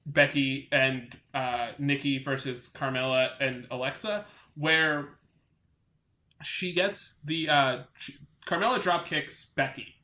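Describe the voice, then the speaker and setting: A man's voice: medium pitch, slow pace, bright, forceful tone, reverberant. A man from Long Island with a light New York accent, co-hosting a podcast in casual chat, rambling and enthusiastic with many restarts. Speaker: podcast co-host.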